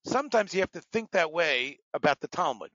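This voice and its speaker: A man's voice: on the high side, very animated, brisk, fairly bright tone, no echo, lo-fi sound. A man teaching a Talmud class, explaining Aramaic words patiently, with digressions and many fillers. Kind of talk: lecture with asides.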